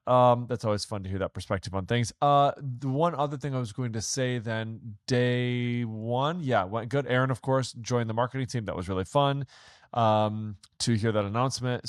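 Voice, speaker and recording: A man with a fairly low voice co-hosting a podcast in relaxed conversation. He sounds eager and upbeat and is quick to agree with his partner. The recording is dry and close-miked. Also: no echo. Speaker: podcast co-host. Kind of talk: casual chat.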